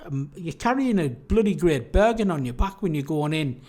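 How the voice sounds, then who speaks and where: A man's voice: a little high, very animated, normal speed, mellow. A man co-hosting a boxing podcast, talking casually and often trailing off and restarting mid-thought. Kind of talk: casual debate.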